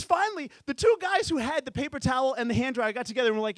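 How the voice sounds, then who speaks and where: A man performing stand-up comedy, telling stories in an animated, profane way. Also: extremely high pitch, fast talker, hardly any pauses, no echo.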